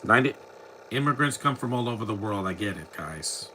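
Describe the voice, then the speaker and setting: A man from the United States, talking over a movie in a rambling, opinionated way and often restarting his sentences. His voice sits a little low but sounds bright and forceful. A faint hum of noise runs beneath him. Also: expressive, fairly quick, low-quality recording. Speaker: movie commentary host. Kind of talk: casual live movie commentary.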